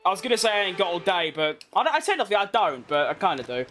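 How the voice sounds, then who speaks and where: A man's voice: high voice, sing-song, quick pace, sharp tone, a little hiss or hum. A young British man chatting casually to himself and his viewers while playing a racing game, slangy and self-mocking. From Britain. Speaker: game streamer. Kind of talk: casual gameplay commentary.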